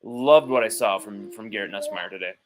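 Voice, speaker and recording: Over music, a man with a lowish voice talks fairly quickly. He's a sports podcast host livestreaming from home, his child nearby, keeping things casual, rambling and blunt with plenty of easy swearing.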